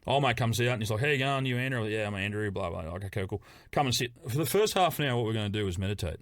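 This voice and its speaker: A man's voice: fairly low pitch, animated, very fast, no room sound, clean studio sound. A man with a New Zealand accent telling a rambling, profane story on a podcast, laughing as he goes. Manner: storytelling, swearing, laughing often. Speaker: podcast guest. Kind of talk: casual podcast chat.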